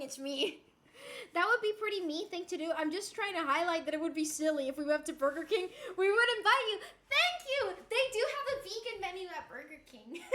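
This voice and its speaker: A woman's voice: extremely high pitch, fairly bright tone. A young adult woman streamer chatting candidly with her viewers, swearing freely and reading their comments aloud. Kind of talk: casual chat. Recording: roomy echo.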